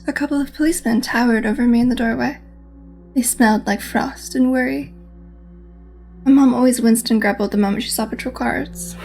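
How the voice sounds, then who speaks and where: A woman's voice: on the high side, fairly even intonation, brisk, creaky, a little mellow. A woman gaming host reading a visual novel aloud, mixing dramatic reading with casual asides. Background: faint game music.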